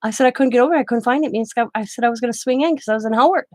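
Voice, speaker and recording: Middle-aged lady crafting live, rambly stories, bit high voice, dry close sound. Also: rapid-fire, a little mellow, no echo. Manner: rambling anecdotes, quoting others in her own voice. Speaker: craft channel host. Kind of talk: casual chat while crafting on a livestream.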